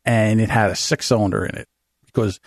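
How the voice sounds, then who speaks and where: A man's voice: lowish voice, a little fast, no echo, clean studio sound. A middle-aged man co-hosting a podcast, telling rambling, profane stories in casual chat. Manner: animated storyteller, swears freely. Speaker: podcast co-host.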